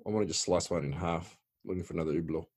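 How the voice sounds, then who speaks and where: A man's voice: sits low, steady tone, racing, a little mellow. A man hosting a casual chat, talking in a loose, chuckling way.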